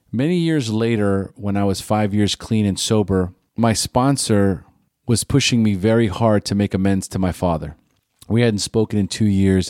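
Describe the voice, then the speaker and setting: A middle-aged man hosting a podcast, giving a personal recovery talk in an earnest, reflective way with slow deliberate phrasing. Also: sits low, mellow, no echo, clean studio sound. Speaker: podcast host.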